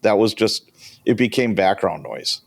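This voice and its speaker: A man in his fifties, a retired police sergeant, telling stories as a guest in a casual interview, animated and quick to chuckle. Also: fairly low pitch, vocal fry, dry recording, studio quality. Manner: lively anecdotal storyteller who chuckles often.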